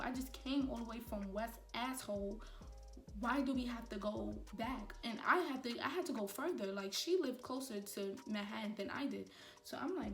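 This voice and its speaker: A young woman telling a storytime to her viewers while doing her makeup, animated and talking straight to them. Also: fairly high pitch, a little fast, roomy sound, distant mic, faint music behind. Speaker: beauty vlogger.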